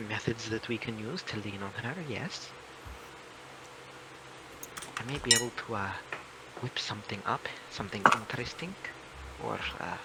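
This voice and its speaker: A man playing in a tabletop game, explaining things in a measured way with fillers. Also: lowish voice, very noisy. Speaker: player.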